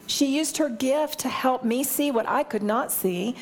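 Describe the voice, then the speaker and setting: A woman's voice: high-pitched, a little slow, few pauses. Earnest older woman teaching Bible study. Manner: earnest, heartfelt, with frequent restarts.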